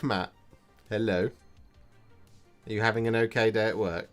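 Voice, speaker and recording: A man's voice: on the low side, fairly even intonation, moderate pace, soft background music. A man chatting on a live painting stream from home, groggy after anaesthetic, joking with viewers as he works. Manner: jokey, chatty, talks to viewers while working.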